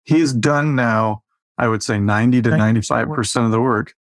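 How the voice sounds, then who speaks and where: A man co-hosting a casual business chat, explaining things in a steady way. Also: mid-range voice, fairly quick, no room sound. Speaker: co-host, marketing team member.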